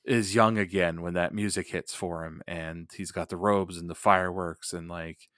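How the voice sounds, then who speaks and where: Podcast co-host, male, low voice, rambly and animated, dry booth sound. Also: moderate pace, no room sound. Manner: animated, rambling with many fillers. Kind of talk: casual chat reviewing a wrestling match.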